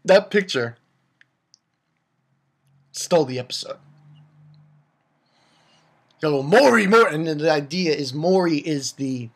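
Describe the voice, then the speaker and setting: A man giving a casual, rambling recap of an anime episode, excitable and quick to swear and laugh. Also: fairly high pitch. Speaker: anime reviewer.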